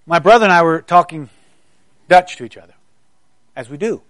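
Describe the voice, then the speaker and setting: Higher-pitched man preaching from South Carolina. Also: lively intonation, brisk, fairly bright tone, no echo. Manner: conversational storytelling, stammering restarts. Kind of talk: sermon.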